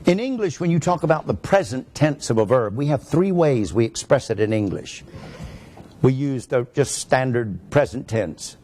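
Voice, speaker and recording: A sounding pastor explains grammar to his congregation one step at a time. His voice swings widely in pitch as he stresses each point, and it sits at an ordinary middle height for a man. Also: expressive, moderate pace, a little mellow. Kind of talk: teaching sermon.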